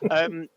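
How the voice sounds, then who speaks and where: A game reviewer from Greater Manchester, England, with a northern English accent chats as a podcast guest. His voice is a little high, pushed and bright with a breathy edge, and he is hesitant and self-deprecating, joking with many pauses and fillers.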